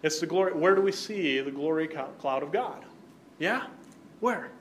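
Man, Bible class teacher, slightly high voice, asks the group questions, keeps saying "right?", faint background hiss. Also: lively intonation, normal speed.

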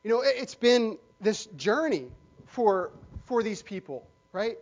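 A man's voice: high-pitched, big pitch swings, measured pace. A man preaching a sermon, telling a story loosely with many fillers and restarts.

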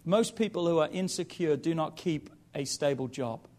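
A man in his thirties delivering a sermon with a notably high voice. He talks directly to the congregation, breaking off for playful asides before pressing his point. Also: moderate pace. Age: 30s. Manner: lively, jokey asides to the congregation. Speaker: preacher.

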